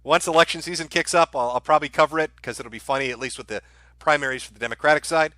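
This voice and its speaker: A man's voice: fairly high pitch, fast talker, pushed and bright, no room sound. A man hosting a livestream and reading viewer donation messages aloud, with a dry, sardonic delivery and the odd chuckle. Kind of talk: casual livestream chat.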